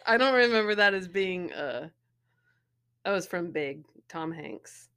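A woman co-hosting a casual movie-trivia podcast, giggling often between quotes. Her voice sits low and swings widely in pitch. She talks at an unhurried, slow pace. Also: animated, pushed and bright, clean tone. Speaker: podcast co-host.

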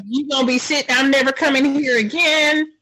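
A woman's voice: sits high, steady tone, a little fast, over a noisy crowd, rough recording. A woman co-hosting a podcast, reacting with sassy, mock-outraged commentary in casual chat. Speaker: podcast co-host.

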